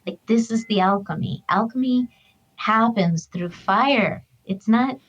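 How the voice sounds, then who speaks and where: A woman's voice: on the high side, unhurried, lo-fi sound, a little hiss or hum. A middle-aged woman, a guest author and grief counselor, telling stories in an earnest, heartfelt, spiritual way. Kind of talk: reflective conversational interview.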